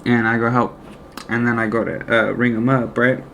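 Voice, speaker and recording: A man's voice: mid-range voice, level tone, moderate pace, vocal fry, a bit bright, a little hiss or hum. A young man casually telling a personal work story, rambling and profane with lots of slang fillers. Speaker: former deli worker telling a story.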